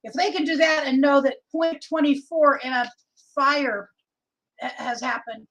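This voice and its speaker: A woman's voice: sits high, steady tone, unhurried, a bit bright, poor audio. A middle-aged woman from Oregon hosting a casual livestream, chatting and reading viewer comments aloud. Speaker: livestream host.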